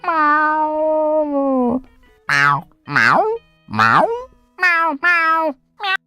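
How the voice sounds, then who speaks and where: A synthetic voice playing a small cartoon pet snail that only meows, slowly and drawn out. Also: high voice, very animated, pushed and bright, faint music behind, full character voice. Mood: meowing.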